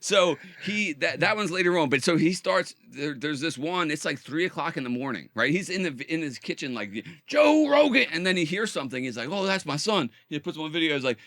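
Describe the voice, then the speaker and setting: A man co-hosting a podcast in casual chat, telling stories with lively shifts of voice as he quotes people. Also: a little fast, few pauses, no room sound, clean studio sound. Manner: animated storytelling, mimics quotes with big pitch swings. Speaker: podcast co-host.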